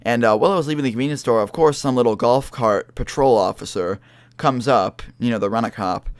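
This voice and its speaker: A man's voice: medium pitch, brisk, no echo. A young man telling a long story in a casual, rambling way, full of fillers and swearing. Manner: rambling, lots of fillers and swearing, acts out quotes.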